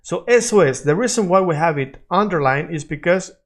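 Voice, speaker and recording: A man's voice: sits high, animated, fairly quick. A man from Latin America teaching Spanish pronunciation in an improvised lesson, drawing out and repeating sounds so the learner can copy them.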